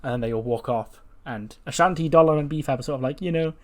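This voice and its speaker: A man's voice: mid-range voice, quick pace. A man narrating a wrestling simulation game casually, chatty and rambling, trailing off with "um". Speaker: game commentator.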